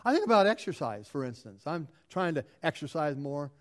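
A man's voice: a little high, sing-song, fairly quick. A middle-aged man preaching a sermon as pastor, building emphasis through repeated phrases.

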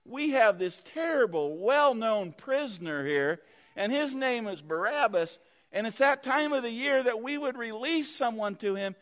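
A preacher playing the Roman governor Pilate, reasoning aloud about how to please the crowd. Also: male voice, very high voice, animated, measured pace, fairly bright tone, pitched above the performer's own voice, full character voice. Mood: scheming. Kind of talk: dramatized sermon retelling.

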